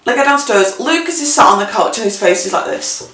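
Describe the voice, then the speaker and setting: A woman's voice: on the high side, quick pace. Chatty woman, roomy and distant. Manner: animated, chatty, swearing. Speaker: vlogger. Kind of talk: casual storytime vlog. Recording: roomy, mic set back.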